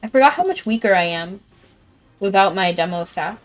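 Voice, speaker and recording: A woman's voice: medium pitch, lively intonation, normal speed. A young woman streaming a game, telling a rambling story in casual chat and laughing often. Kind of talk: casual chat while gaming.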